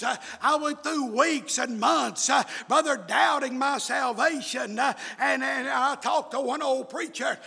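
Preacher guy, raspy and high, slow fiery sermon, lots of uh's, long echo in the church. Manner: preaches in bursts, shouting emphatic lines, many "uh" fillers. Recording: echoey hall with long reverb.

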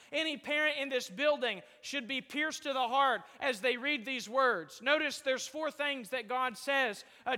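A man's voice: very high-pitched, sharp tone. A man preaching a sermon to a congregation, emphatic and rising and falling in volume, heard in a church hall. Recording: long hall reverb.

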